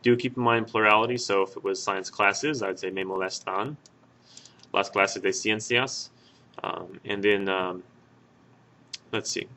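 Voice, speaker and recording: A man with a lowish voice walks through a Spanish grammar lesson as a voice-over. He explains patiently, pausing on fillers and correcting himself as he goes. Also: level tone, sharp tone. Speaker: Spanish teacher. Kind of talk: screen-recorded grammar lesson.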